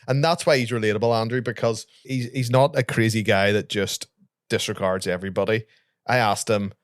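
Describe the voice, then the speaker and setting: A man's voice: lowish voice, no room sound, clean studio sound. A man with a Northern Irish accent co-hosting a podcast, telling stories in casual chat and laughing often. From Ireland. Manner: chatty storyteller, laughs often, says "wee". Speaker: podcast co-host.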